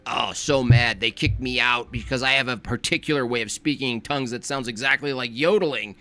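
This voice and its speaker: Brief: bright-toned male comic commentator, playful and joking. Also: mid-range voice, brisk. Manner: joking, animated, laughs often. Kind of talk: comedic reaction commentary.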